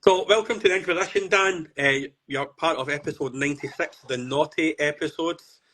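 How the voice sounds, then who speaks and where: A man hosts a podcast in relaxed, jokey banter that wanders off on tangents. His voice is husky and a bit higher than most men's. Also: moderate pace. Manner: joking, rambling banter. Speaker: podcast host. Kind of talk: casual podcast chat.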